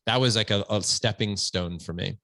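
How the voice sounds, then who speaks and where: Low-voiced man, earnest and reflective. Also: normal speed, gravelly, bright, forceful tone, no echo. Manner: earnest and reflective, restarting phrases. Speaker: podcast guest. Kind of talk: conversational interview. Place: at home, standing.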